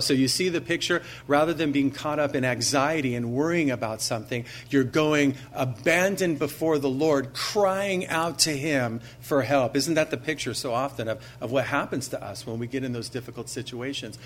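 A man's voice: mid-range voice, a bit bright. Earnest male pastor preaching. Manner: conversational preaching full of rhetorical questions; earnest, slows down to stress key phrases. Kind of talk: sermon.

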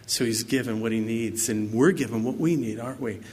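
A man's voice: medium pitch, brisk, few pauses, a little mellow, a little hiss or hum. A man preaching a sermon, mixing personal stories with scripture readings in a conversational way. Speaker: pastor.

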